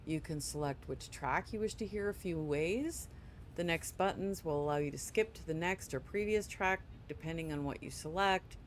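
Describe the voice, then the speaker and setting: A gaming channel host works through a game's tutorial screens at home, reading the instructions aloud and breaking off for quick offhand remarks. The voice sits at a middle pitch and sounds sleepy, with yawns it apologises for. A faint low hum stays in the background. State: sleepy, yawning. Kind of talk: casual let's play commentary.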